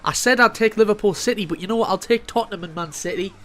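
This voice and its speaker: A young man casually commentating his own football video game, excitable and sweary, calling the play as it happens. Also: high-pitched, fast talker. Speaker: gaming YouTuber.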